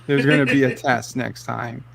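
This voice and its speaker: A man's voice: mid-range voice, fairly even intonation, normal speed, vocal fry. A man hosting a casual movie-reaction chat, easygoing and jokey. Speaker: host.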